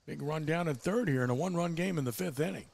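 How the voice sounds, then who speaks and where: A man calling baseball play-by-play, his voice rising sharply in pitch and volume on big plays. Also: fast talker, gravelly, darkish tone. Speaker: play-by-play announcer.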